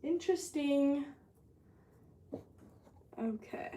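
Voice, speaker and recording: A woman's voice: high-pitched, drawn-out words, dark tone. A woman in her twenties chatting casually on a pottery livestream, thanking viewers as she works. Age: 20s.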